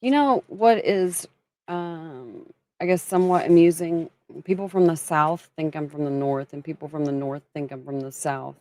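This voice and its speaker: A woman's voice: sits low, moderate pace, warm tone. A woman from Kentucky hosting a casual livestream, chatting and greeting viewers by name as she talks. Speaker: livestream host.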